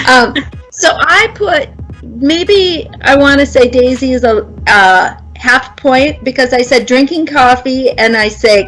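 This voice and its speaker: A woman teacher with a Minnesota accent, chatting on a school quiz show and telling lively stories about her students. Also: sits high, a little slow, soft background music, poor audio. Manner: animated storytelling, acts out her students. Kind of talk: casual game show chat.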